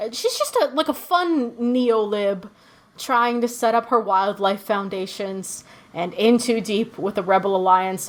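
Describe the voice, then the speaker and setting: A woman co-hosting a podcast in casual chat, recapping a TV episode with loose, profane talk, lots of fillers, and acted-out character lines. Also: mid-range voice. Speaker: podcast co-host.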